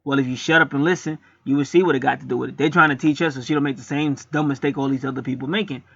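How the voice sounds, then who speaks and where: A man with a gravelly, middle-pitched voice talks his way through an astrology reading. He is casual, animated and blunt, and he repeats himself as he presses his point. The recording is dry and a little dull. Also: rapid-fire, no echo. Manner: animated, repetitive, preachy and blunt. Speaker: astrology and angel card reader. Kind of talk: casual spoken chart reading.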